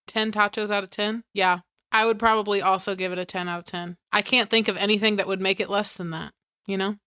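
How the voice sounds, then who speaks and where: Bright-voiced young woman telling a story. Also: mid-range voice, fairly quick, clear, resonant tone, no room sound, clean studio sound. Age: 20s. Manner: animated storyteller, laughs often. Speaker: podcast co-host. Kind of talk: casual chat.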